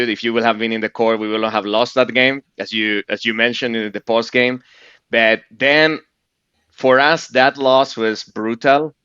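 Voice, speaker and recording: Guy host, lowish crisp voice, lots of uhs, dry dull mic. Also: sharp tone, dry recording. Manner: hesitant, many "uh" fillers. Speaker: podcast host. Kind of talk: interview questions. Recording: dry, slightly dull sound.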